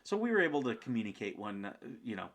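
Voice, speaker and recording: A man, a podcast guest, telling a story in a casual, animated way, acting out the people in it, with plenty of fillers. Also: fairly low pitch, quick pace. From United States.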